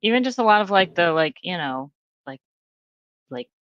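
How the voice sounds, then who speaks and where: A woman's voice: on the low side, lively intonation, moderate pace, a bit bright, dry recording, dull audio. A woman guest on a podcast in casual chat, hedging and thoughtful, with many fillers.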